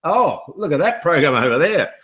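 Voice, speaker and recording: A man playing a wide-eyed, easily distracted man who keeps exclaiming over each shiny new program. His voice jumps higher than usual, bright and eager. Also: very animated, moderate pace. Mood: dazzled. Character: distracted male ad-clicker chasing new programs.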